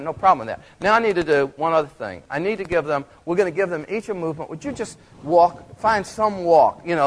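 A man speaking to a live audience from a stage, leading a playful theater demonstration in a chatty, animated way with many restarts. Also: on the high side. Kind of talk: lively lecture with audience volunteers.

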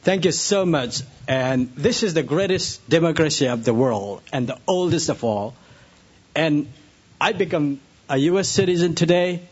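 A man with a husky voice gives an earnest, formal speech as a new citizen. The recording is dull and lo-fi. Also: on the high side. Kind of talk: short ceremony speech.

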